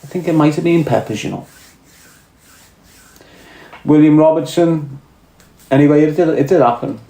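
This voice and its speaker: A man's voice: on the high side, normal speed, vocal fry, dark tone. Rambling Scouse man in an echoey room. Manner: rambling, reads out viewer comments. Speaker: podcast host. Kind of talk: casual live-stream chat.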